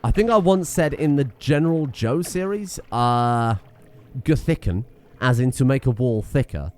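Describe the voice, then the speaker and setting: Animated man rambling over gameplay. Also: medium pitch, a little slow. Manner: rambling, self-mocking, swears freely. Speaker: gaming streamer. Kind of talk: casual let's-play commentary.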